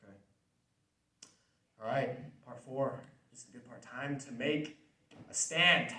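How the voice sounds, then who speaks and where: A man's voice: medium pitch, a little slow, bright, forceful tone, recorded from a distance. Earnest young man speaking in a roomy hall. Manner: earnest, conversational, repeats key phrases. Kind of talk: faith-based motivational talk. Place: student center hall.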